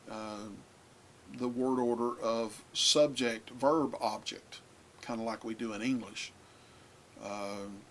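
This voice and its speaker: A man teaching a lesson, talking in a halting way with many fillers and restarts. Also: mid-range voice, fairly bright tone, slight background noise. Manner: addresses younger listeners. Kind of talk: lecture on biblical languages.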